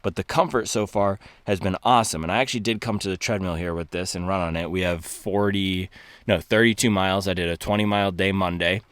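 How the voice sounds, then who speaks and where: A man's voice: deep voice, fairly even intonation, brisk, fairly bright tone, smooth, no echo. A man talking casually to camera in a vlog, reviewing running shoes from a parked car in upbeat, slangy hype talk. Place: parked car on a rainy day.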